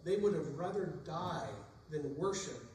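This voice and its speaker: High-voiced preacher in an echoey church. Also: male voice, expressive, unhurried, a little mellow, a little hiss or hum. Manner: retells Bible stories in plain everyday speech. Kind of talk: sermon. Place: church sanctuary. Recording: echoey room, distant mic.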